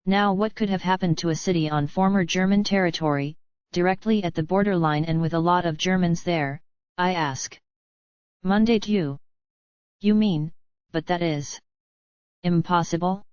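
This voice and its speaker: A woman reading a fan story aloud in a steady, even narration, close to the mic. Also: lowish voice, normal speed, clean tone, no room sound, highs cut off.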